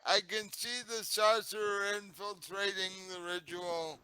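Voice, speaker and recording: Slow, bright-voiced male player. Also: sits high, steady tone, clear, resonant tone, low-quality recording. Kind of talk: casual tabletop play.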